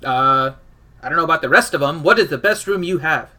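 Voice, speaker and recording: A man joking around as a player in a tabletop game. His voice sits fairly high and sounds bright and forceful. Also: animated, a little fast.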